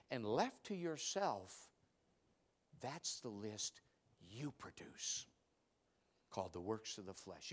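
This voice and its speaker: A middle-aged man preaching a sermon, telling stories with loud outbursts and hushed asides. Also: medium pitch. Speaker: pastor.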